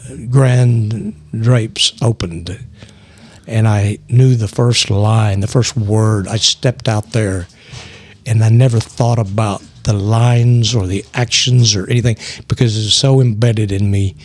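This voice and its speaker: A man with a Texan accent, telling a long story as the guest in casual talk, animated, acting out quoted voices, often restarting his words. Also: fairly low pitch, slow pace. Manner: frequent restarts and stammers. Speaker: guest actor.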